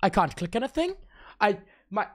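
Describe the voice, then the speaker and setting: This young man has a high, very animated voice and talks at normal speed while chatting on a livestream. He swears a lot, rants about tech trouble, and keeps repeating himself in casual stream chat.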